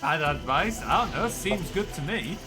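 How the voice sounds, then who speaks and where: A man's voice: a little high, expressive, moderate pace. A young man with a Yorkshire accent, chatting casually and giggling self-deprecatingly with viewers during a game live-stream. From northern England. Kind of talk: casual live-stream chat while gaming. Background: game music.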